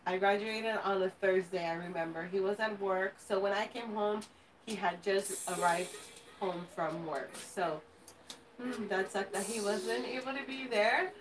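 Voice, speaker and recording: A woman's voice: medium pitch, unhurried, distant mic, a little hiss or hum, low-quality recording. A woman in her thirties from California, Spanish her first language, chatting casually on a live stream, rambling and giggling at herself. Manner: rambling, giggly, self-teasing. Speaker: host.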